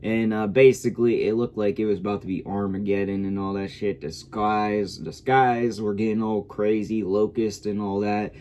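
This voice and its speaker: Laid-back rambling guy, low mellow voice. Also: steady tone, normal speed, hardly any pauses, slight background noise. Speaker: show reviewer. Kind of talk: casual episode review commentary.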